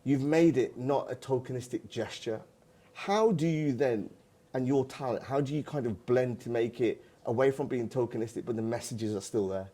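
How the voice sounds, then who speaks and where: A man hosting a podcast, asking long questions haltingly with many restarts. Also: medium pitch, mellow. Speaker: podcast host. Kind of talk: interview questions.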